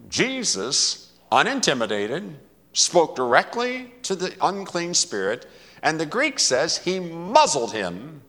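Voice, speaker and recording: Slow, dramatic male preacher. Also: a little high, huge pitch swings, a bit bright. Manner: dramatic, emphatic storytelling. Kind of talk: sermon. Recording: long hall reverb.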